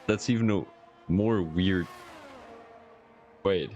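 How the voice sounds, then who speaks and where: Deep-voiced man commentating a sim race. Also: slow pace, long pauses, a little mellow, faint music behind. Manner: rambling and chatty, talks to the chat, jokes at himself. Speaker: sim racing league stream commentator. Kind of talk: casual live-stream race commentary.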